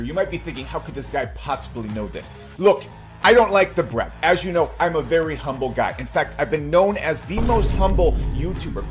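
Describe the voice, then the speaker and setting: A middle-aged man, a crypto YouTuber, ranting to camera in a comedic, mock-humble, boastful way, swearing and laughing at his own jokes. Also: a little high.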